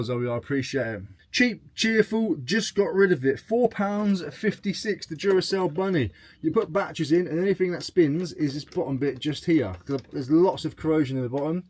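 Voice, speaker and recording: Chatty man, slightly high voice. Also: darkish tone. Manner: chatty and jokey, reading out sales. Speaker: reselling vlogger. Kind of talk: casual chat to camera.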